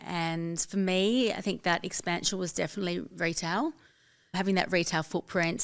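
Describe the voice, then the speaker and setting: A woman with an Australian accent, a business founder telling her story as a guest in a casual interview, upbeat and chatty. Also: lowish voice. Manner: upbeat, chatty, quotes herself and others. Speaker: guest, fashion label founder.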